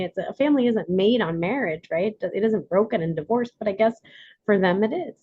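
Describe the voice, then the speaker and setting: A woman's voice: medium pitch, a little fast, no room sound, lo-fi sound. A woman leading an online workshop, sharing candidly with many fillers and restarts. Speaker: workshop leader.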